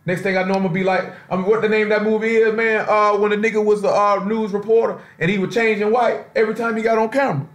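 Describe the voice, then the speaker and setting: Guy preaching casual and streetwise, high voice, keeps asking if you follow, roomy echo. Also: flat delivery, fast talker, hardly any pauses. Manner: loose, streetwise talk with constant rhetorical asides. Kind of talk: informal sermon on a conference call.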